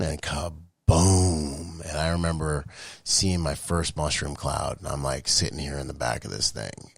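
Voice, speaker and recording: A man in his late thirties with a very low, deep voice tells his story casually, in slang. He jumps into animated voices and sound effects as he goes. The recording is close and dry, with no room sound. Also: no room sound. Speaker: podcast guest, Marine veteran.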